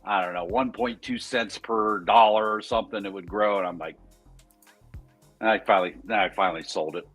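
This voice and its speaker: A man with a fairly low voice rambles through his trading day in casual chat, backing up and correcting himself as he goes. Faint music plays under the talk. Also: steady tone, a little fast, fairly bright tone. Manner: rambling, self-correcting storyteller. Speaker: trader on a panel.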